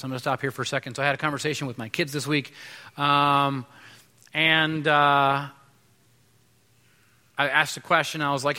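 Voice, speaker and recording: A man's voice: fairly high pitch, normal speed, pauses often, sharp tone. A man in his thirties preaching a sermon to a congregation, conversational, with frequent restarts and fillers. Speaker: pastor. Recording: long reverb of a large hall.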